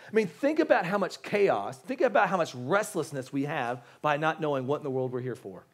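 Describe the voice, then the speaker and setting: A man's voice: a little high, expressive, brisk. A man in his thirties, a pastor, preaching an earnest and emphatic sermon in a church, often repeating phrases and restarting his sentences. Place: church sanctuary.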